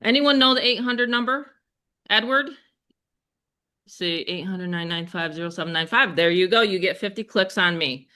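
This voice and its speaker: An older woman with a Western New York accent, hosting a live webinar sales pitch in a chatty, upbeat way, speaking straight to her audience. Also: moderate pace, pushed and bright. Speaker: webinar host.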